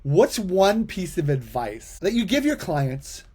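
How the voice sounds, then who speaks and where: Halting man hosting a podcast. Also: high-pitched, very animated, slightly rough. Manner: warm-hearted, halting, stammers and restarts. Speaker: podcast host. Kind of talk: podcast interview, casual chat.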